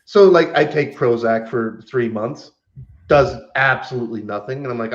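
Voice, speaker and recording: A man's voice: medium pitch, normal speed, highs cut off. A man co-hosting a podcast, telling stories bluntly with lots of swearing and acted-out quotes in casual chat. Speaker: podcast co-host.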